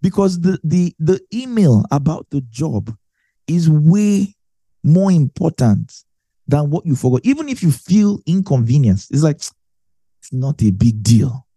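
Male Bible teacher, mellow tone, dry sound, talks it through with everyday examples. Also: a little high, sing-song, unhurried, no echo. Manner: explains with everyday examples, repeats phrases for emphasis.

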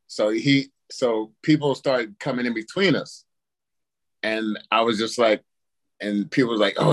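Recorded with no room sound, this medium-pitched man appears as a podcast guest recounting a wild personal story. He swears freely, stays animated, and acts out how he reacted.

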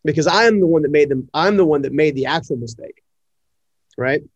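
A middle-aged man, an entrepreneur, telling a personal story in an interview, animated and full of fillers as he acts out the dialogue. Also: fairly high pitch, a little fast, no room sound. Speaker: entrepreneur guest. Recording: dry, slightly muffled audio.

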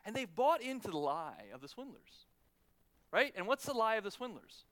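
Male preacher, 30s, chatty sermon, lots of restarts, bright lively voice. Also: high-pitched, normal speed. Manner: conversational, many restarts, repeated "right?"; lively, laughs with the congregation.

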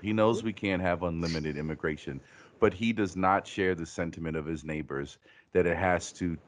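A man co-hosting a podcast, riffing in a mock-earnest way during casual comedic chat. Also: deep voice. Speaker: podcast co-host.

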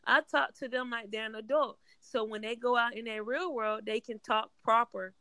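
A woman's voice: a little high, fairly even intonation, moderate pace, pushed and bright, no room sound. A woman in casual group chat as a podcast co-host, talking in a blunt, opinionated way.

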